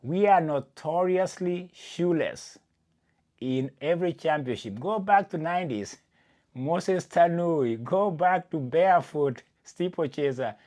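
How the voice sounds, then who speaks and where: An animated man from Kenya gives casual athletics commentary as a podcast host. His pitch swings widely while he presses each point. He keeps calling the listener "my friend" and talks to them directly. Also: measured pace. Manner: animated and emphatic, speaks straight to the listener as "my friend".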